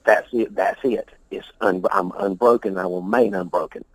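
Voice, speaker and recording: A man's voice: low voice, fairly even intonation, normal speed, low-quality recording. A man being interviewed about his music, talking in a loose, rambling, profane way, often repeating himself and laughing. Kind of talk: casual interview talk.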